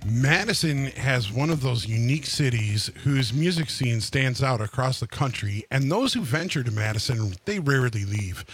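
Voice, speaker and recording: A male radio host delivers a smooth, scripted introduction from the studio. His voice sits at a middle pitch. The sound is dry and close to the mic. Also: no echo. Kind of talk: radio show hosting, read introduction.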